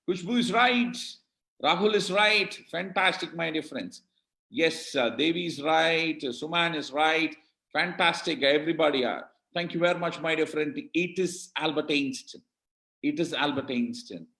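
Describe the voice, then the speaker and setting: High-voiced Indian man giving a motivational talk. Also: a bit bright, reverberant. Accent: Indian English. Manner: emphatic and rhetorical, quizzing listeners and naming who answered right. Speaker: motivational speaker. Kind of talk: motivational talk to an online audience.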